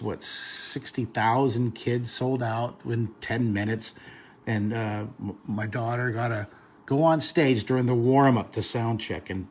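A man's voice: mid-range voice, a little hiss or hum. A middle-aged man teaching drawing, telling a rambling anecdote with many fillers and restarts while he sketches. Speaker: drawing instructor. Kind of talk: casual storytelling during a drawing lesson.

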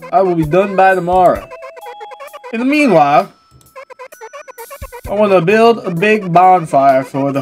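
A woman's voice: on the low side, darkish tone. A woman voicing a busy village handyman in a game, friendly and matter-of-fact.

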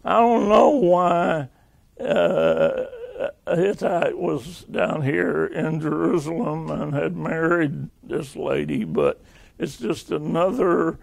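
An older man teaching a Bible lesson, reading scripture aloud and explaining it in a slow, halting way. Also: on the high side, big pitch swings, creaky.

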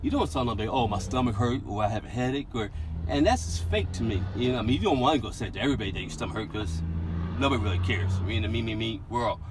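A man around sixty telling a story from his past in a loose, animated way, acting out shouting drill sergeants. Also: medium pitch, fast, background noise. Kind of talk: storytelling monologue.

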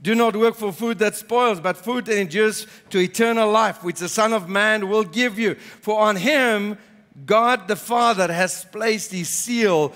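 Bright-voiced preacher in a reverberant church. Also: male voice, high voice, unhurried. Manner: reads scripture aloud, then preaches with repetition. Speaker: pastor. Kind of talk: sermon with scripture reading.

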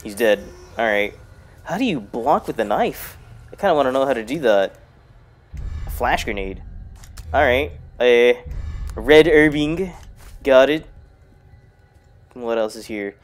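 Profane gamer muttering through a horror game. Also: male voice, mid-range voice, lively intonation, unhurried, pauses often. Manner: mutters quietly, bursts into loud startled shouts; profane, jokey self-talk to the game. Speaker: gaming YouTuber. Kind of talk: casual let's-play commentary.

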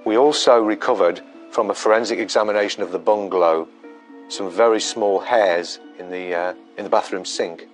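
A police detective with a very low voice talks through an investigation in measured, halting sentences, filling gaps with ums. Soft music plays faintly under his words. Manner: measured, hesitant with many fillers. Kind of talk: documentary interview.

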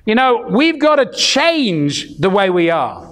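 A man's voice: high voice, very animated, slow, a bit bright. A man in his fifties preaching a sermon, telling stories in a chatty way and acting out the voices of the people in them. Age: 50s. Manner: storytelling, acting out quoted voices; chatty, full of restarts.

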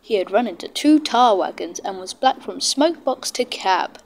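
A woman reading a children's train story aloud, expressive and voicing every character herself. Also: medium pitch, moderate pace, vocal fry, a little hiss or hum. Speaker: storybook narrator.

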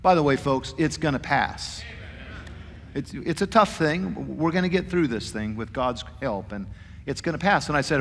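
A man's voice: medium pitch, a little fast, a bit bright. Earnest male pastor in a reverberant church. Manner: earnest storytelling, often repeats "I said" when quoting dialogue. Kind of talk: sermon with a personal story. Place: church sanctuary.

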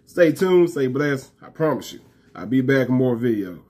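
A man in his thirties rants casually to his viewers about college football, emphatic and repetitive, talking fast and full of slang. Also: mid-range voice, expressive. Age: 30s. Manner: talks fast. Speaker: college football fan vlogger. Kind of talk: casual fan rant to camera.

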